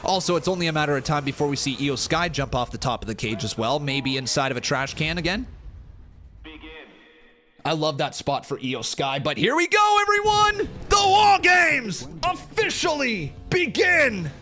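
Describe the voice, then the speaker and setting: A young man hosting a live watch-along stream, loudly hyping up his chat with shouts and chants. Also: mid-range voice, fairly quick. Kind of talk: hyped watch-along commentary. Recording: music under the voice. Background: music playing.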